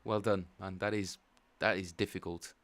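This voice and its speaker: A man chatting casually with viewers while streaming his bass practice, rambling and thinking aloud. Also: steady tone, normal speed, a bit bright, no room sound. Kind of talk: casual livestream chat.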